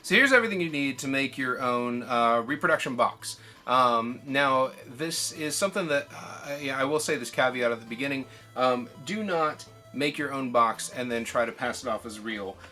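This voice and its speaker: Male channel host, mid-pitched, casual and chatty tutorial delivery with frequent fillers, faint guitar bed behind. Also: moderate pace. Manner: relaxed and chatty, with many ums and uhs.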